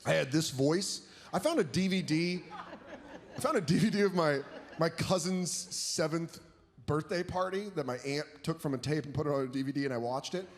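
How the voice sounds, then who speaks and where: A young man doing a profane, animated stand-up routine on stage, jumping into exaggerated quoted voices. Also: on the high side, moderate pace. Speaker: stand-up comedian. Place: stage before a live audience. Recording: live show with audience noise.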